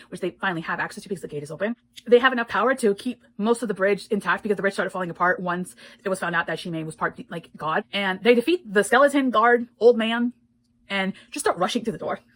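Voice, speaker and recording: A woman's voice: mid-range voice, a bit bright, poor audio. A woman giving a casual spoken book review, retelling the plot in a blunt, indignant way and swearing freely.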